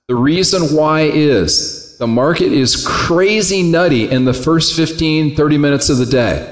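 A man teaching a trading class in a conversational way, often putting questions to the room. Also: fairly high pitch. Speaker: trading instructor. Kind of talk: classroom lecture. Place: classroom or lecture hall. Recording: echoey hall with long reverb.

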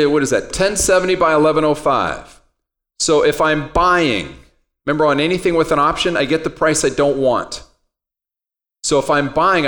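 A man's voice: a little high, fairly bright tone. A man teaching an options trading class, talking conversationally, quizzing the students and telling everyday stories. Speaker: trading instructor. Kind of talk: classroom lecture.

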